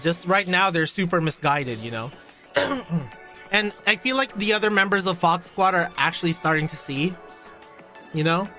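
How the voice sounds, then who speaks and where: A streamer commenting live on a story game, excitable, laughing a lot and repeating words. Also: medium pitch.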